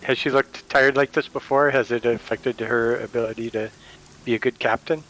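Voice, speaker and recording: A man's voice: mid-range voice, steady tone, moderate pace, a bit bright, a little hiss or hum, poor audio. A man playing a tabletop game, talking casually and thinking aloud with hesitant questions. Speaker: player. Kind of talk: casual chat.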